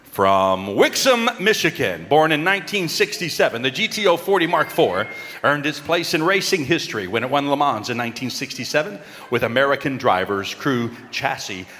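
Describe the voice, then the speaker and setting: A man giving a lively children's sermon, coaxing and calling out to the kids in a church. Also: medium pitch. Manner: animated, coaxing, calls out to the kids. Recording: long reverb in a large hall, faint crowd.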